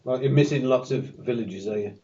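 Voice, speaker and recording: Probing player, dull lo-fi sound. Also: male voice, mid-range voice, a little fast, mellow, far from the mic, a little hiss or hum. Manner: probing, jokey questioning. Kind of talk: casual tabletop game banter.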